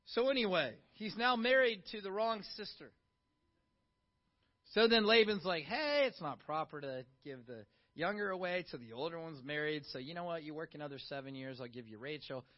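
A middle-aged man preaching a sermon in a conversational, animated way, full of rhetorical questions to the congregation. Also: a little high, moderate pace. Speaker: pastor. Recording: dull lo-fi sound.

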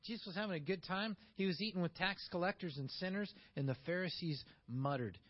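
A man preaching a sermon, animated, swinging from emphatic peaks to quiet, slowed asides. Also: sits high, muffled recording. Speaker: pastor.

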